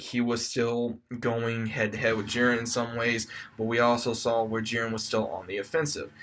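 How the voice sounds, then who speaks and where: A man's voice: medium pitch, a bit bright. A man casually recapping an anime episode as a reviewer, rambling play-by-play with lots of fillers and repeated "he says".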